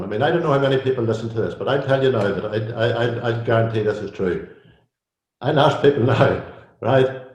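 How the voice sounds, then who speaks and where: A man's voice: mid-range voice, a little mellow, highs cut off. An older man, a coach and guest, talks in a casual interview, chatty and repeating himself often. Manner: chatty, repeats himself, many "you know"s. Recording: roomy echo.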